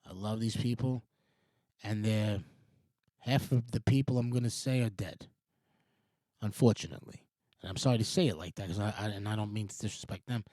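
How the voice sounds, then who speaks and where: A man's voice: on the low side, fairly quick, dark tone, no echo, studio quality. A man in his forties hosting a morning show, talking in a digressive, rambling monologue with frequent restarts and casual swearing. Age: 40s. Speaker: show host.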